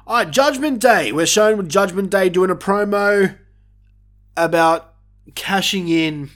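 A man's voice: sits high, fairly bright tone. Sarcastic man reviewing wrestling. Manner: sarcastic, swears freely. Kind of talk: casual podcast review.

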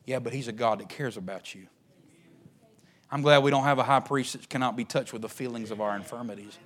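A man preaching a sermon in a folksy, joking way, swinging from low and soft to loud, high shouting. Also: a little fast.

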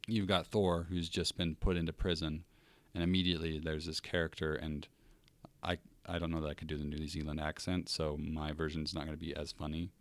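Deep-voiced enthusiastic male podcast host. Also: little pitch movement, a little fast, dry recording. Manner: enthusiastic, hyping things up. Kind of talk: casual chat.

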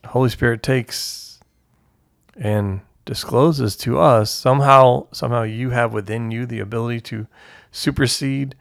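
A man co-leading a Bible study discussion, speaking in a measured way and listing words one by one. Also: mid-range voice, fairly even intonation, gravelly, no room sound, clean studio sound.

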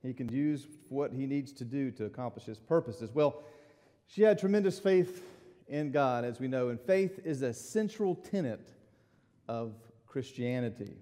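A man's voice: medium pitch, lively intonation, a little slow, dark tone. A male pastor preaching a sermon, telling a story and chatting with the congregation, heard in a church sanctuary. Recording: long reverb of a large hall.

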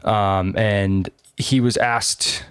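A man's voice: lowish voice, extremely slow, smooth, no room sound, studio quality. Profane, sarcastic man chatting politics. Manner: animated, profane, sarcastic, many fillers. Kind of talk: casual political chat.

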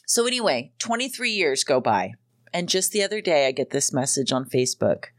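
A woman's voice: sits low, very animated, a little fast. Rambling woman podcaster telling a story. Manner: rambling, lots of ums and likes, casual swearing. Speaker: podcast host. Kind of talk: casual storytelling monologue.

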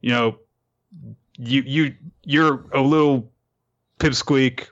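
A man's voice: mid-range voice, steady tone, slow pace, fairly bright tone, dull audio, pitched above the performer's own voice. A man voicing a brash, cheerful middle-school girl who talks in a cocky, carefree way.

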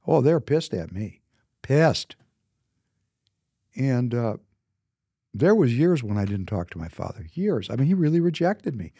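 A man's voice: medium pitch, very animated, moderate pace, mellow, slightly rough, no room sound, studio quality. A man in his fifties from Minnesota tells personal stories in a casual monologue, emphatic and often repeating words for emphasis. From Minnesota, United States. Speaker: businessman.

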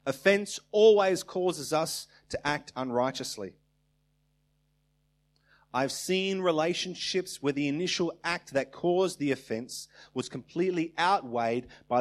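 A man's voice: fairly high pitch, animated, unhurried. A man preaching a sermon in a conversational way, now and then acting out little everyday exchanges.

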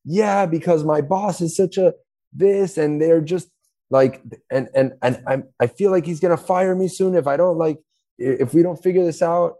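A man's voice: fairly high pitch, normal speed, warm tone, voice pushed up, lightly acted. A man voicing a stressed, complaining partner who rambles anxiously about work and dinner, in a raised voice.

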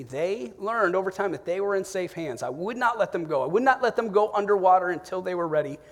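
A man in his forties delivers a Sunday sermon from the pulpit, his voice sitting slightly higher than most men's. He moves between animated storytelling and quiet, reflective prayer. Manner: warm storytelling with animated bursts and soft reflective drops. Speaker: pastor.

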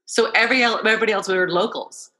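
A woman with a bright, clear voice chats casually about movies. She talks loosely, trailing off and leaning on filler words. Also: medium pitch, rapid-fire. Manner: chatty, trails off with likes. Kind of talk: casual film discussion.

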